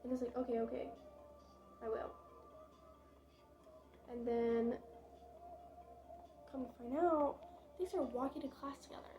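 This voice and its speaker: A woman's voice: a little high, a little slow, long pauses, mellow, faint music behind, low-quality recording. A young woman vlogger telling a casual storytime, chatty and dramatic, with lots of fillers and swearing.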